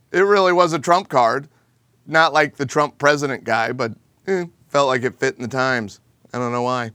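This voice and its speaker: A middle-aged man hosting a comedic monologue, animated and jokey. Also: mid-range voice, dry recording. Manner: animated, jokey, acts out quoted people. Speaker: host.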